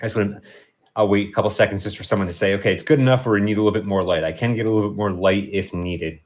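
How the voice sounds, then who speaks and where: A man's voice: lowish voice, steady tone, racing. A man hosting a casual livestream, rambling and restarting as he chats with viewers and his cat. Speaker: livestream host.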